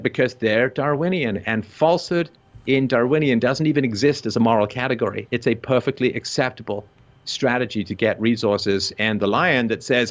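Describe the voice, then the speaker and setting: A man in mid-pitch lays out his argument in a lively, conversational flow, breaking into quick mock voices. The recording is dull and lo-fi, as if the highs are rolled off. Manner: animated, acts out short mock quotes. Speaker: guest. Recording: dull lo-fi sound.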